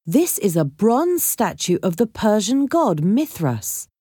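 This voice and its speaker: A woman narrator voicing a calm older man, a museum director in a storybook, speaking in a measured, kindly way. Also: medium pitch, slightly rough, dry recording, studio quality, pitched above the performer's own voice, heavily acted.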